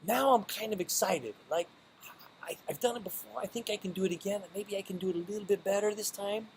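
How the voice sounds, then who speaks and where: A man's voice: high voice, fast, slight background noise, poor audio. A man talking straight to camera in a motivational vlog, earnest and stumbling, often repeating and restarting his words. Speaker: vlogger. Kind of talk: motivational monologue.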